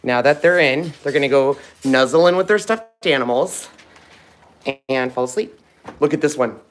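A man hosting a casual live stream at home, talking fondly to puppies with soft baby talk. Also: mid-range voice, moderate pace, slight background noise. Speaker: host of a live puppy stream.

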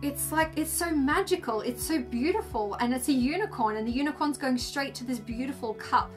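A woman's voice: high-pitched, brisk, soft background music. A woman doing a casual, gushing livestream card reading, chatty and full of fillers. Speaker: tarot and angel card reader. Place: indoors under filming lights.

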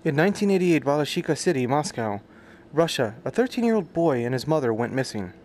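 A fast-talking man with a slightly high, sing-song voice streams a game against a bit of background noise. Reading the subtitles aloud, he throws in crude humor, swears a lot, and reacts loudly.

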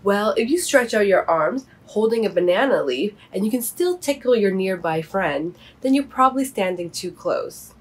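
A woman voicing a kind, patient old male owl who explains things gently and steadily in a children's storybook reading. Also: medium pitch, animated, moderate pace, few pauses, slightly rough. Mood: explaining.

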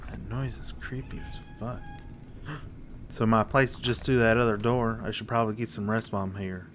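A man's voice: on the low side, steady tone, fairly quick, music in the background. A man giving live gameplay commentary, cursing and joking as he talks to himself.

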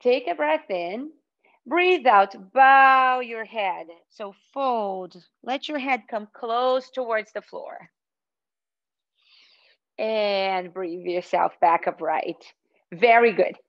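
A woman's voice: medium pitch, expressive, slow, highs cut off. A young woman teaching a children's yoga class in a playful, sing-song way, calling out poses and animal sounds.

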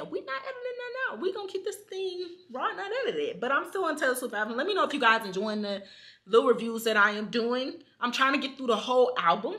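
A young woman making a reaction video, chatting casually and excitably to her viewers and rambling with lots of fillers. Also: on the high side. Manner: addresses viewers directly. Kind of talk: casual chat.

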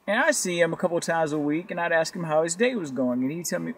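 A man's voice: a little high, lively intonation, fast talker, husky. A man who works as a rideshare delivery driver, talking loosely and profanely in a rambling rant to his viewers. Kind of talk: casual ranting vlog.

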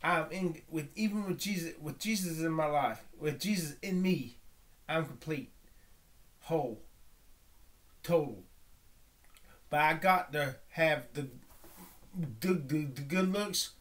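A man praying aloud in a halting, pleading monologue, often breaking off and restarting, dropping to a hush at times. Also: on the high side. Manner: drops to a hushed whisper at times. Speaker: vlogger. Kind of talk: spoken prayer monologue.

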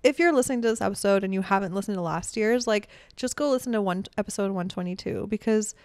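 A woman hosts a podcast in an upbeat, encouraging way, chatting casually at a middle pitch. Her voice is close and dry, with no room sound around it. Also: darkish tone, dry recording. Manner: upbeat, encouraging, quick affirmations. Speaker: podcast host. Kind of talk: casual interview chat.

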